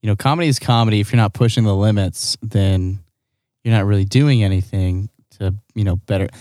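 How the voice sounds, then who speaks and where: A man's voice: on the low side, brisk, mellow, no echo, studio quality. A man talking casually in a podcast-style chat, hesitant and restarting his sentences as he gives his opinion.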